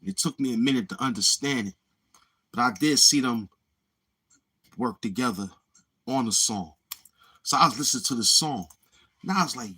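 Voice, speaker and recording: A man's voice: medium pitch, lively intonation, moderate pace, pauses often, bright, forceful tone, slightly rough. A man hosting a casual livestream, rambling along and murmuring mm-hmm between his thoughts. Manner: rambling, with many murmured mm-hmms. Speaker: livestream host.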